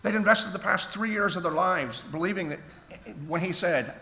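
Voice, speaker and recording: Bright-voiced man preaching in an echoey hall. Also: sits high, moderate pace, creaky. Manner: earnest, conversational preaching with restarts. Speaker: pastor. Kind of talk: sermon. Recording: echoey hall, faint background noise.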